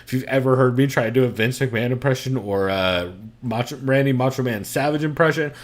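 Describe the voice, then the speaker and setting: A man's voice: medium pitch, a little fast. A man hosting a podcast, chatting casually from his room at home, rambling, laughing often and swearing freely. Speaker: podcast host.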